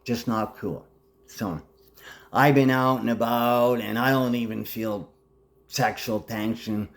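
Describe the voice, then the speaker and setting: A man's voice: medium pitch, steady tone, takes it slowly, creaky. Agitated, threatening rambling man. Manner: agitated, threatening, jumps between topics. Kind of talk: rambling monologue.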